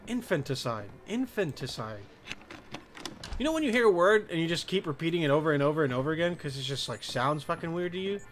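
A man doing let's play commentary, excitable and profane, talking to himself as he plays. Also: a little high, racing, hardly any pauses, slight background noise. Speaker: gaming commentator.

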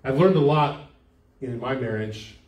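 A man's voice: mid-range voice, measured pace, dull audio, background noise. An older man, a pastor, giving a conversational sermon and putting questions to the congregation. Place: church sanctuary. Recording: echoey church hall, mic from far off.

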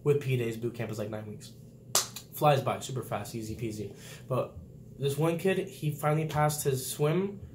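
A man's voice: medium pitch, moderate pace. A young man recounts boot camp in loose, casual chat. He acts out quotes and laughs along as he goes. The recording carries a faint background hiss. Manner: animated storytelling, laughs often, acts out quotes loudly. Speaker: vlog host, Navy sailor.

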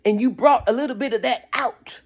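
Gravelly-voiced motivational vlogger, preachy and emphatic, casual street slang. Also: mid-range voice, a little fast. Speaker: motivational speaker. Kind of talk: motivational talk.

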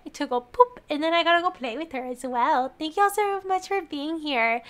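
High-voiced, dramatic woman streamer. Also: fast talker, hardly any pauses, a bit bright. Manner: profane, dramatic and stammering. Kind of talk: live game stream commentary.

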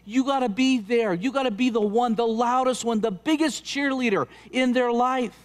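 High-voiced man preaching a sermon. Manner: earnest, exhorting, slows down for emphasis. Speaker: pastor.

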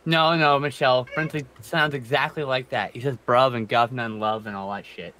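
A man's voice: mid-range voice, fairly even intonation, a little fast, bright, forceful tone. A man in a casual group chat, blunt and teasing, who swears freely.

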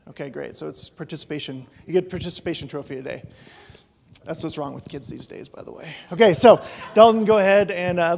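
Pastor, middle-aged man, casual self-deprecating sermon delivery, a touch of gravel in the voice. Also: a little high, a little mellow. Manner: joking, chatty, self-deprecating. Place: church hall.

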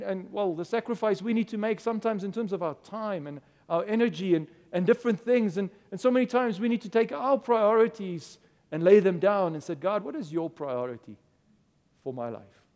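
A pastor delivers a sermon in church, earnest and tripping over repeated words as he builds his points. His voice is high-pitched and slightly mellow, and the church hall makes the recording reverberant.

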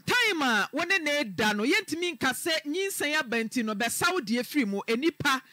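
Very high, bright woman host. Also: big pitch swings, normal speed, dry recording, studio quality. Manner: direct, questioning, firm. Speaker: radio advice host. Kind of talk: call-in advice show.

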